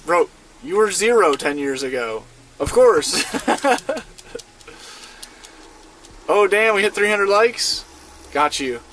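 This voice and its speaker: A man's voice: high-pitched, expressive, a little slow, fairly bright tone, a little hiss or hum. A young man in his twenties, streaming a game and chatting with his viewers in a laid-back, slangy way from inside a van. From United States. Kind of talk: casual live-stream gaming chat.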